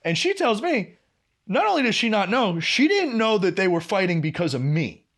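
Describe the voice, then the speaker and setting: A man in his twenties co-hosting a podcast, telling a work story in a casual, profane, animated way. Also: high voice, moderate pace. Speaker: podcast co-host.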